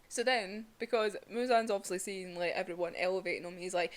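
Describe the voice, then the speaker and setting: Excitable woman reviewing manga. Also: medium pitch, moderate pace, pauses often. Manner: excitable, sweary, laughs often. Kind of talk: casual video review.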